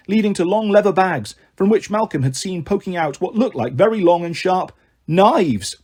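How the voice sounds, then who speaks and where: Husky, animated male storyteller. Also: high-pitched. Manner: expressive, animated narration. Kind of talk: reading a children's book aloud.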